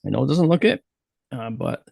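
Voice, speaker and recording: Man from the USA, storyteller, gravelly and husky, acts out his quotes. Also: medium pitch, animated, brisk, darkish tone, no room sound. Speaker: guest speaker. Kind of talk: storytelling talk.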